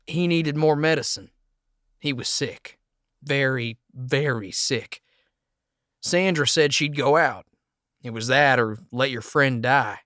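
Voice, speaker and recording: A man voicing a bitter, menacing Southern man with a raspy, croaking voice and a Southern US accent, speaking slowly and accusingly. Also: mid-range voice, a bit bright, dry recording, studio quality. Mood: brooding. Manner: slow, brooding, accusing.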